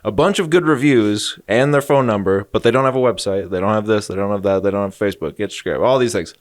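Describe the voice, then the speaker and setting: A man's voice: lowish voice, quick pace, no room sound, clean studio sound. A man in his thirties co-hosting a comedy podcast, telling a rambling story with jokey asides. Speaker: podcast co-host. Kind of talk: casual comedic chat.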